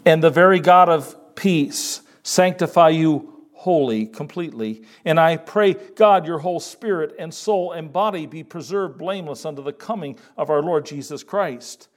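An older man preaching a sermon, quoting scripture and repeating words for emphasis with expressive swings in delivery. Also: on the high side, normal speed, hardly any pauses.

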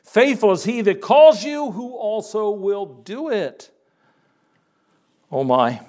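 An older male preacher delivers a sermon, his voice sitting a little high for a man. He leans on repetition, quotes scripture and lets his delivery rise and fall for emphasis. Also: slow pace. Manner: expressive, repeats words for emphasis, quotes scripture.

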